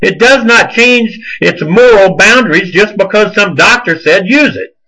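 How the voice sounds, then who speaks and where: A man rants and scolds like a preacher on his own show. His voice sits high and leaps wildly up and down, with a bright, forceful edge that stays heated throughout. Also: expressive, unhurried, low-quality recording. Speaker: show host. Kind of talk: fiery religious commentary monologue.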